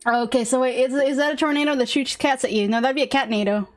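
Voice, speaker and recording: High-pitched young woman, casual podcast co-host, playful banter with quick self-corrections. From California. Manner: animated, joking, self-interrupting. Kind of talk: casual chat.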